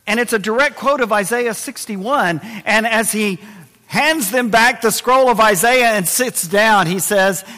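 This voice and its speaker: A man preaching a sermon, lively and expressive, dropping to a low, quiet voice to stress key points. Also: measured pace, big-room sound. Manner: expressive preaching, drops to a low hush for emphasis. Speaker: pastor.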